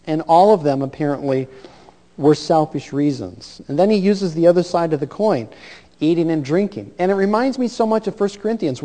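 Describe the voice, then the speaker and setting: A man's voice: a little high, mellow, in a large hall. A man preaching a sermon as pastor, earnest and repeating words as he builds his points.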